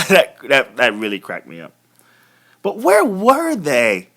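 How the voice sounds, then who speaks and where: A man hosts a live wrestling recap and rants in a loose, profane, animated way. His pitch swings up and down a lot, and he breaks into laughs often. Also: takes it slowly. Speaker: host of a wrestling recap show. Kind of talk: live casual commentary recap.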